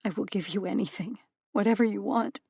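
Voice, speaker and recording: A woman voicing a desperate young mother in an audiobook, tearful and pleading, her voice rough and nervous. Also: medium pitch, a little fast, warm tone, dry recording. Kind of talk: audiobook character voice.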